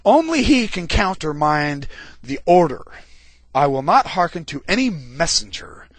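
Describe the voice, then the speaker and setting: Man doing a stubborn old patriarch, indignant, emphatic, husky, dry sound. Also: on the high side, sing-song, measured pace, no echo, voice pushed up, heavily acted. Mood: defiant.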